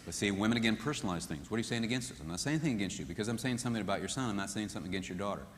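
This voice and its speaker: A man teaching a marriage seminar in an animated way, often acting out what spouses say. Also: lowish voice, very fast, a little hiss or hum. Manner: animated, acts out quoted voices. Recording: echoey hall with long reverb.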